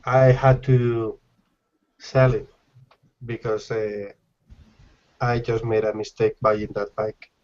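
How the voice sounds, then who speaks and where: A man, a student in an English class, answering hesitantly with pauses and fillers. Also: lowish voice, flat delivery, darkish tone. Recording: muffled lo-fi audio.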